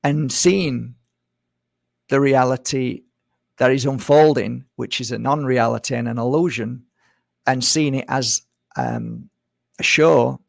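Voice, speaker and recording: Gravelly-voiced man musing on spirituality. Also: mid-range voice, no room sound, clean studio sound. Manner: repetitive, conversational, mimics others in quick asides. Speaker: spiritual speaker. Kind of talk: reflective spiritual monologue.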